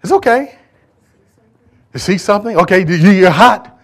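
Animated preaching man, higher voice. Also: normal speed. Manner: animated preaching, swinging from loud to hushed, addressing the congregation. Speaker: pastor. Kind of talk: sermon.

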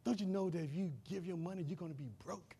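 A man voicing a taunting male enemy spirit that whispers doubt, hushed and sneering. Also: sits high, fast, husky. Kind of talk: sermon.

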